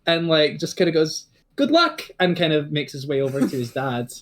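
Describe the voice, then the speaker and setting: A man's voice: on the high side, brisk, heavy background noise. A man narrating a tabletop game as game master, rambling with many fillers and restarts.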